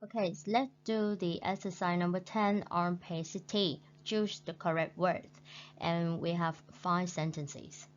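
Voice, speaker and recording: This is a recorded English lesson led by a woman with a Vietnamese accent, whose fairly low voice stays fairly even as she talks very slowly and patiently. Each new word gets repeated for the students, and the lo-fi, dull recording carries a faint underlying hum.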